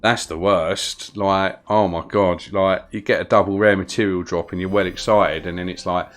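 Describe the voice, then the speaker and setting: Chatty low-voiced London man streaming. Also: steady tone, moderate pace, few pauses, a bit bright. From London, England. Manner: chatty, rambling, greets chat viewers while playing. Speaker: live-streamer. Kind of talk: live-stream gameplay commentary.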